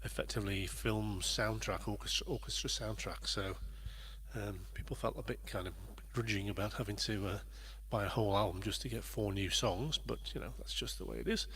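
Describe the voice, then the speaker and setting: A man's voice: fairly low pitch, a little fast, fairly bright tone, breathy edge. A man hosting a livestream, chatting casually and rambling a little as he greets viewers by name. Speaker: livestream host and performer.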